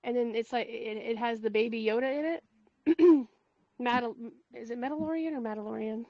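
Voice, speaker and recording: A woman's voice: fairly high pitch, fairly even intonation, normal speed, no room sound, dull audio. A woman hosting a community call, chatting casually and rambling through asides with frequent laughs. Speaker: host of a spiritual community call. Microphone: call mic.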